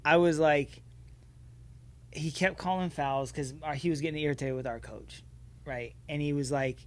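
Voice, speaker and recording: Man, podcast co-host, casual animated storyteller, higher voice. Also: moderate pace. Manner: animated storyteller, acts out quotes loudly. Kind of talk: casual chat.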